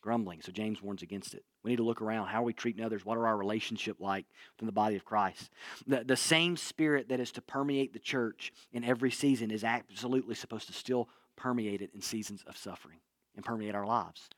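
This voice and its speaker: A male pastor preaching a sermon in an earnest way, repeating key phrases and dropping his voice low for emphasis. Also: fast, no echo, studio quality.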